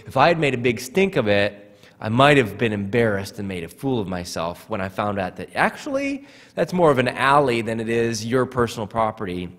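A man's voice: mid-range voice, expressive, fairly quick, fairly bright tone. A man preaching a sermon as pastor, earnest, often repeating words as he starts a phrase. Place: church sanctuary. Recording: church hall reverb.

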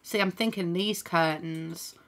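A lowish, unhurried, fairly bright female voice belongs to a young woman casually chatting on a live game stream. Thinking aloud as she plays, she thanks viewers by name, swears now and then and laughs often.

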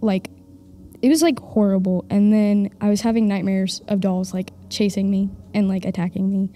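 A woman's voice: medium pitch, steady tone, normal speed, warm tone. A young woman from Oklahoma telling a story on a live stage. She rambles with many fillers and laughs nervously. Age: young adult. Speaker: audience member telling a story. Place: stage of a live event in a castle.

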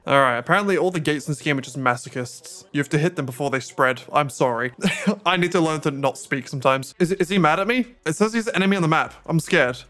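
A man's voice: fairly high pitch, quick pace, pushed and bright. A young man giving sarcastic gameplay commentary and talking back to game characters. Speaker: gaming YouTuber.

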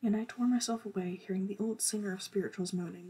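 Very husky woman reading a novel. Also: medium pitch, fairly even intonation, fast talker, distant mic. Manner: soft, partly whispered reading. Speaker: book channel host.

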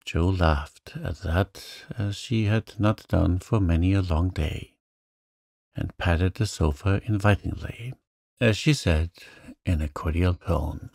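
A man reading a classic novel aloud as a calm bedtime story, in a soothing, even manner. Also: low-pitched, takes it slowly, vocal fry, dry recording, clean studio sound. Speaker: narrator.

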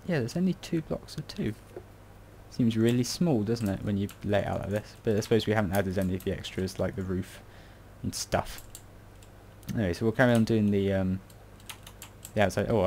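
A British man with a low, warm voice gives relaxed commentary over a building tutorial, rambling, muttering to himself, and tossing in self-deprecating asides. He makes game tutorials, and the recording carries a faint hiss or hum.

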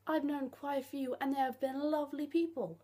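A woman's voice: high-pitched, fairly even intonation, brisk, warm tone. Young woman ranting bluntly. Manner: blunt, sarcastic, heavy swearing. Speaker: vlogger. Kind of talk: ranting vlog.

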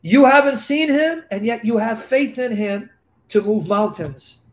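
The apostle Peter, an awed, adoring older man, as a preacher speaks in his voice. His voice is high-pitched and fervent, and he stacks up short heartfelt lines for emphasis. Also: animated, unhurried. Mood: awed, loving.

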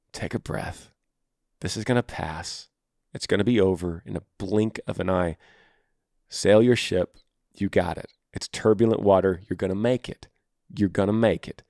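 A middle-aged man gives casual advice on his podcast, earnest and encouraging, talking to the listener as a friend. His voice sits on the low side. It is recorded close on a microphone, with a dry sound and no room echo. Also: a little mellow. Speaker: podcast host.

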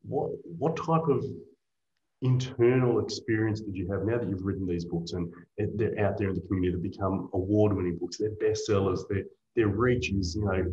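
A male host with a very low voice asks long, winding interview questions. The sound is dull and muffled, with an echoey room around him. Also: darkish tone. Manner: rambling, long wind-up questions with fillers.

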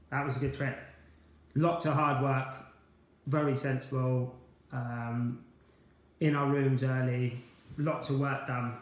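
A man's voice: medium pitch, little pitch movement, takes it slowly, long pauses, echoey room. A man hosting a live online quiz night, chatty and upbeat as he greets viewers by name. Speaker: quiz host, former player.

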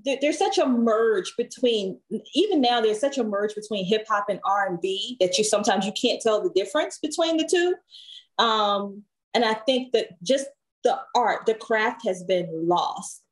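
A woman singer, a guest on a podcast, chatting casually and telling lively stories full of laughter and acted-out quotes. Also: on the high side, a little slow. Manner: lively storyteller, laughs often, acts out quotes.

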